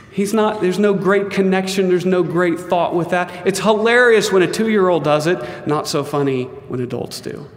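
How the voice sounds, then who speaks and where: A middle-aged man delivers a sermon with earnest emphasis, his voice sitting somewhat high for a man. He acts out the quotes he tells and slips in humor. A long hall reverb trails behind his words. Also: a little hiss or hum. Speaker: pastor.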